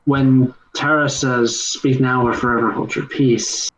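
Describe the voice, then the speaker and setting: A man's voice: mid-range voice, measured pace, rough recording. A man running a tabletop game, describing what players see in a casual, meandering way. Faint background noise sits under his voice. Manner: relaxed, rambling narration with fillers. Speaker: game master.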